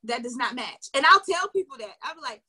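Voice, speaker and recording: Bright, high-voiced woman coaching emphatically. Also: expressive, a little fast, husky. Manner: emphatic, chatty, addresses viewers directly, laughs often. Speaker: sales coach. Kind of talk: casual motivational coaching talk. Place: recorded for an online video.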